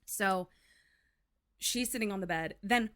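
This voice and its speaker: Bright-voiced chatty woman podcaster. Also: mid-range voice, measured pace, a little hiss or hum. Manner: chatty, heavy use of "like", acts out quotes. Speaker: podcast co-host. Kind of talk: casual chat, retelling a film plot.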